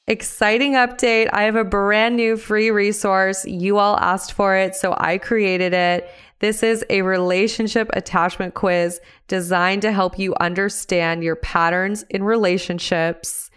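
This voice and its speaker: A woman's voice: mid-range voice, a bit bright. A woman hosting her own podcast as a relationship coach, chatting upbeat and directly to her listeners. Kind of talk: casual podcast monologue.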